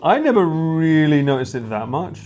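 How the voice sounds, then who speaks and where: A woman's voice: deep voice, very animated, normal speed, darkish tone, faint music behind. A woman hosting a casual chat, teasing her guest and laughing often. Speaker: host.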